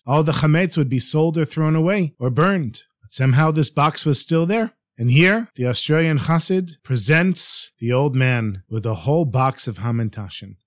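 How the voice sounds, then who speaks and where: A man narrating religious tales for a podcast in a slightly high voice. He closes with a preachy lesson for his listeners, and the recording is dry and close. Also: no echo. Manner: warm, preachy, addresses listeners fondly. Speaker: storyteller. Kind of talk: podcast storytelling.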